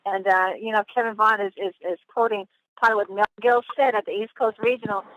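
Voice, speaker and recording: A woman's voice: medium pitch, steady tone, brisk. A woman hosting a conference call in an upbeat, affectionate way, calling her listeners family. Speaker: host. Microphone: phone. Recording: dull dry phone line.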